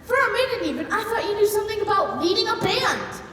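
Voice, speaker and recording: A teasing, incredulous young sidekick, played by a woman. The voice is high and bounces around lively, carrying from far off across an echoing theater. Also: quick pace, a little hiss or hum, exaggerated voice. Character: wisecracking young male sidekick. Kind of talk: stage musical acting. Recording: echoey hall from far off.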